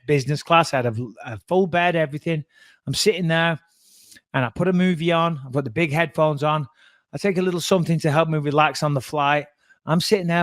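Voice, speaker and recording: A man co-hosting a podcast, telling a story in a casual, animated way, swearing freely and acting out the voices of the people he quotes. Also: on the high side, dry recording. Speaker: podcast co-host.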